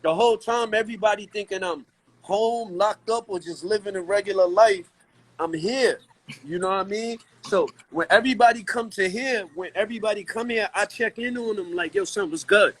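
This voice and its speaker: A man from Brooklyn talking as a guest in a casual hip-hop chat, animated and slangy, restarting his sentences a lot. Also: high-pitched, moderate pace, rough recording.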